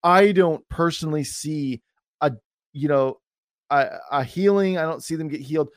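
A man's voice: a little high, normal speed, no echo, studio quality. A man hosting a podcast interview, chatting casually and saying dude and like a lot. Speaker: podcast host.

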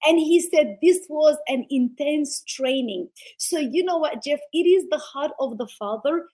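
A high-pitched woman speaks as a guest in an interview. She tells a faith testimony with fervent, preacher-like conviction and acts out the people she quotes. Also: animated, unhurried, warm tone, poor audio. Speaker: ministry founder, guest.

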